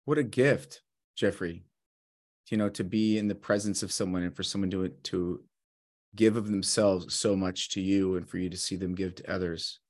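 A man with a low-pitched voice hosts an interview. He affirms what his guest shares before asking thoughtful follow-up questions. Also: fairly even intonation, normal speed, a little mellow. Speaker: podcast host.

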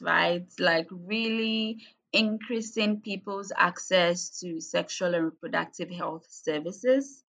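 A frank, passionate woman from Ghana speaks in a fairly low voice. She talks casually, full of fillers, and grows heated on things she cares about. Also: steady tone, takes it slowly, vocal fry, sharp tone. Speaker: guest activist. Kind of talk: casual conversation.

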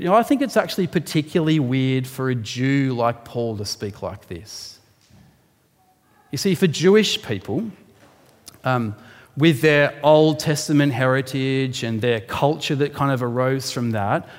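A man preaching from the pulpit, his mid-range voice carried by the long reverb of a large hall. He explains scripture in an animated way and climbs high for emphasis, then settles back into steady teaching. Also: unhurried. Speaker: pastor. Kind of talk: sermon.

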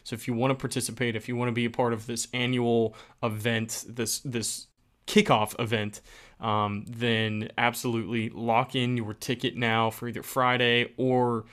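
A man's voice: medium pitch, flat delivery, normal speed, a bit bright. A man from West Virginia co-hosting a podcast, upbeat and urging, repeating phrases for emphasis. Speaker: podcast co-host. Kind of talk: casual podcast chat.

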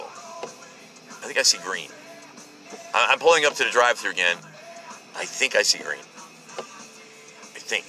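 Gravelly, bright-voiced male podcast host. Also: medium pitch, low-quality recording. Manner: profane, joking, rambling. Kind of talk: rambling solo podcast chat. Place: car at a drive-thru.

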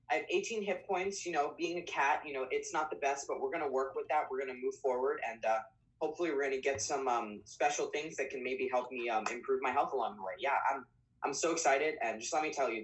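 A man's voice: medium pitch, natural voice. A man playing a young cat-folk pilot who talks eagerly, with lots of fillers, over a video call. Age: 20s. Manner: eager, chatty, full of fillers. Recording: distant video-call audio.

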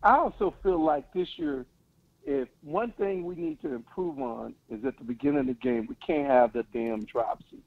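A man's voice: fairly high pitch, very animated, moderate pace, creaky. A man calling in to a sports talk show, giving blunt, confident opinions in casual chat over a phone line. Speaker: caller.

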